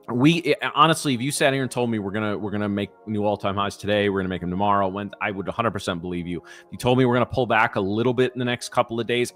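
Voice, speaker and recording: A man's voice: on the low side, a bit bright. A man hosting a live trading show, chatting casually and talking through market scenarios in a rambling way. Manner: rapid, rambling, lots of restarts and fillers. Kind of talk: casual chat and market talk.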